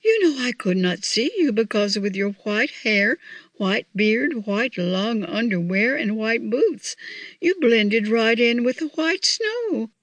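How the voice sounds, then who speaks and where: A woman's voice: animated, slow, no room sound. A woman voicing a fretful, kindly old Mrs. Claus in a children's audiobook. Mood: relieved. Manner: high, fussing and anxious.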